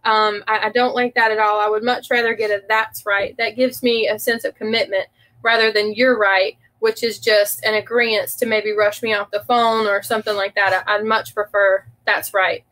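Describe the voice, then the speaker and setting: A woman's voice: medium pitch, level tone, normal speed, fairly bright tone, rough recording. A woman with a Southern American accent, co-hosting a business talk show in a friendly, chatty way. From southern United States. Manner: friendly, chatty, lightly laughing. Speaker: co-host. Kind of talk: casual business chat.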